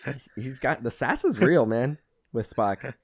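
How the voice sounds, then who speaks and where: A man's voice: mid-range voice, lively intonation, measured pace, husky, dry recording, clean studio sound. A man hosting a podcast, chatting casually and rambling with lots of "like" and the odd swear word. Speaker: podcast host. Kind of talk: casual chat.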